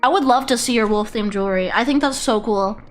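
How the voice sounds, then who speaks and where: A woman's voice: on the high side, a little fast, faint music behind. A woman streaming live, chatting casually with her chat in a giggly, chaotic, self-mocking way. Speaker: VTuber streamer. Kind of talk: casual livestream chat reading chat messages.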